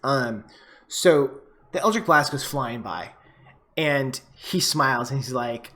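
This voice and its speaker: A man's voice: mid-range voice, lively intonation, takes it slowly, fairly bright tone. A man narrating as game master of a tabletop game, casual and full of fillers.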